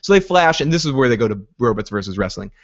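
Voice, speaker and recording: A man hosting a podcast, rambling excitably through a casual recap of a TV episode, with frequent restarts. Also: medium pitch, fast, dull audio. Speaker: podcast host.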